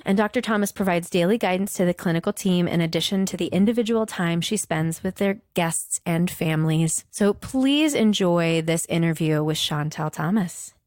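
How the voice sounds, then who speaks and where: A woman hosting a podcast, telling a story in a fast, giggly, animated way and chatting casually. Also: fairly low pitch, dry recording, studio quality. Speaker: podcast host. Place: Chicago.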